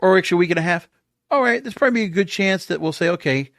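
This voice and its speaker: A man's voice: sits high, animated, racing, fairly bright tone, faint music behind. A man hosting a wrestling podcast, delivering a sarcastic, exasperated solo rant full of rhetorical questions.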